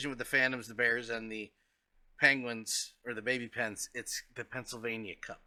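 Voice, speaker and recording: A man co-hosting a casual podcast chat, excitable and quick to laugh, swearing freely. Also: mid-range voice. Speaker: podcast co-host.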